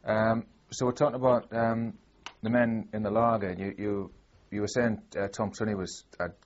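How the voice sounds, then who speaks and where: A man's voice: fairly low pitch, little pitch movement, moderate pace. A man interviewing for an oral history, framing his questions hesitantly with many fillers. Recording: dull lo-fi archive tape.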